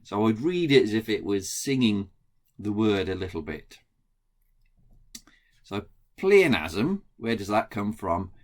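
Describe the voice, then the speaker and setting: In a recorded lecture, a middle-aged man from England's Black Country talks plainly about his research in a lowish voice with big pitch swings. He speaks unhurriedly with long pauses, frequent ums and restarts.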